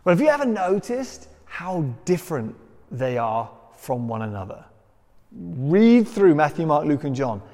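A man's voice: fairly high pitch, sing-song, measured pace, a little mellow. Man preaching in a reverberant hall. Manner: conversational, self-deprecating storytelling. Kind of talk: sermon.

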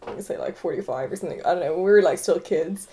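A woman's voice: on the low side, very fast, a little hiss or hum. A woman, chatting casually and telling stories with lots of giggles. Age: 20s. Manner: giggly, lively storyteller. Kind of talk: casual chat.

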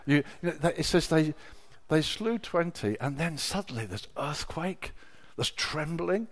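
A middle-aged man preaching a sermon, telling personal stories with emotion, dropping to a hush and then rising to loud exclamations. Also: fairly high pitch, lively intonation, unhurried. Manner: emotional, swings from hushed storytelling to loud exclamation.

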